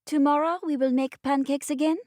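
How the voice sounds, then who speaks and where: A small, eager French boy, as a woman narrator puts him on, his voice lifted high and bright. He chirps with a light French accent, affectionate and demanding. The reading is close and dry. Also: fairly even intonation, a little fast, no room sound, lightly acted.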